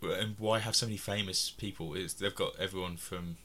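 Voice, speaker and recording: A man's voice: deep voice, steady tone, a little fast, bright, forceful tone. A man from England chatting casually about films, rambling with many restarts and frequent laughs. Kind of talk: casual film discussion.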